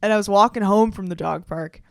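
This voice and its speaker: A woman's voice: mid-range voice, brisk, creaky, no room sound, studio quality. A woman in her twenties, a podcast host telling casual stories in a chatty, profane way, full of fillers and restarts. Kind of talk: casual storytelling chat.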